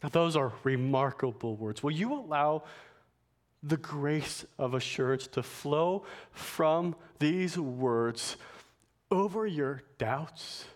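Male pastor, sermon, slow and deliberate, slightly high voice, emphatic. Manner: emphatic preacher, rising to forceful climaxes, slow deliberate phrasing.

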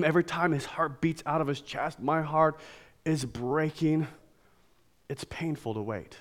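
Guy preaching a sermon, fairly high voice, gets real quiet then builds up loud and emotional. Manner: emotional, swings between hushed and emphatic. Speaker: pastor.

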